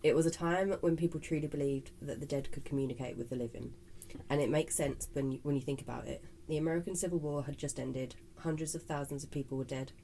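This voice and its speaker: A woman's voice: sits low, steady tone, fast, mellow, poor audio. A woman co-hosting a paranormal podcast, reading a spooky script between casual chat. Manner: reads a spooky script, laughs often with co-host. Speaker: podcast co-host.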